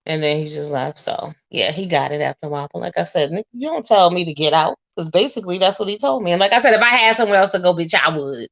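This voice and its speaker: A woman in her forties chatting to viewers, telling a story in a blunt, animated, profane way. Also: lowish voice, fast talker, gravelly, hardly any pauses. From US Northeast. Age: 40s. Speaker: vlogger.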